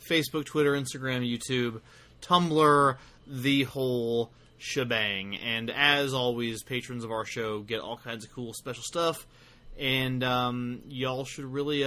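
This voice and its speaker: A man's voice: on the high side, bright, forceful tone. A tired man co-hosting a podcast, rambling casually through plugs for his projects. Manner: rambling, self-deprecating plugs. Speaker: podcast co-host. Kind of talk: casual chat.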